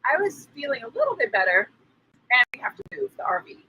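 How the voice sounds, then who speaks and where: Animated high-voiced woman telling a story. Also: fast, slight background noise, poor audio. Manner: animated, acts out quoted voices, laughs often. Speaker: spiritual teacher co-host. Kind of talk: casual storytelling.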